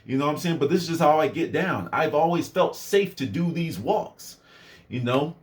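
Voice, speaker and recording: A man's voice: fairly high pitch, lively intonation, normal speed. A young man casually telling a personal story in a rambling way, full of fillers and asides. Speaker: vlogger.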